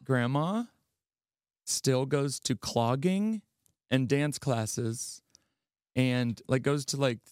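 Brief: man from Maryland, casual podcast guest, lively storyteller, dry close sound. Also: mid-range voice, drawn-out words, long pauses, clear, resonant tone, no room sound. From Garrett County, Maryland. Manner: animated storyteller, acts out quoted voices. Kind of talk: casual chat.

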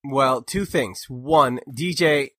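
A man co-hosting a casual political podcast, talking in an animated way and mocking people by quoting them in put-on voices. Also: mid-range voice, slow, no room sound, studio quality. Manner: animated, mocks others in quoted voices. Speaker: podcast co-host.

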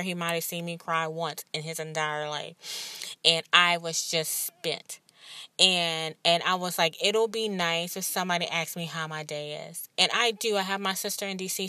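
A woman's voice: lowish voice, sharp tone, dry recording. A woman in her thirties, a podcast host and life coach, telling a personal story in a candid, rambling, emotional way. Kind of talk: casual personal monologue.

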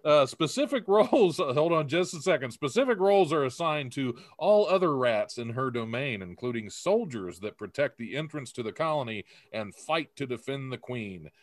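A man's voice: medium pitch, lively intonation, moderate pace, few pauses, dry recording, clean studio sound. A man hosting a casual comedy podcast, reading odd news stories aloud and laughing often. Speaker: podcast host.

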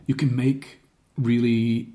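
Lively man coaching voice use. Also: slow. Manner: demonstrative, shifts his voice low and high to show examples. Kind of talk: casual conversation. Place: podcast studio.

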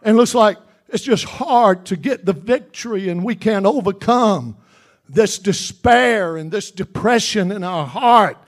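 A man preaching, his voice pitched high for a man. His delivery is fervent and repetitive, building toward shouts, and he drawls slowly through his sermon. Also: lively intonation.

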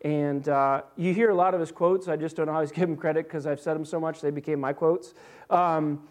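Preaching briskly, this male pastor has a notably high voice that stays light and rises further whenever excitement takes hold. His sermon is animated and conversational, peppered with restarts and fillers.

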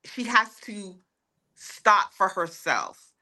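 A woman's voice: mid-range voice, very animated, extremely slow, bright, forceful tone. A woman co-hosting a podcast in casual recap chat, earnestly building her argument point by point. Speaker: podcast co-host.

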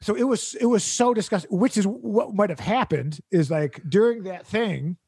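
A man's voice: high voice, normal speed, a little mellow, breathy edge, no echo. A man hosting a podcast, telling a funny, exasperated story full of sarcasm and laughter. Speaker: podcast host. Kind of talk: comedic storytelling rant.

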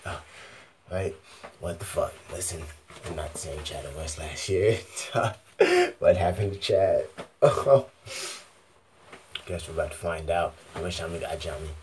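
A man's voice: low voice, normal speed, background noise. A man on an arena stage giving a profane, free-associating monologue into a handheld mic. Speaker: stage performer. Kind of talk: rambling freestyle monologue.

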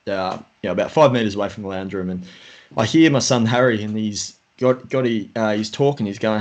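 A man's voice: mid-range voice, fairly quick. A middle-aged man hosting a podcast, chatting casually and rambling with many fillers. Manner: rambling, lots of fillers like "you know". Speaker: podcast host. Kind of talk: casual conversation. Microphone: home podcast microphone.

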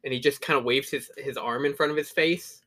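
A man's voice: medium pitch, fairly even intonation, brisk, a bit bright. A man co-hosting a podcast in casual chat, laid-back and rambling, swearing freely and laughing often. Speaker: podcast co-host.

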